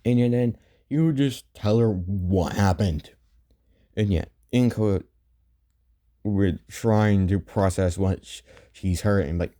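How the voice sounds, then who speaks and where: A man improvising a fan story, rambling and filling pauses with "and yeah.". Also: lowish voice, warm tone.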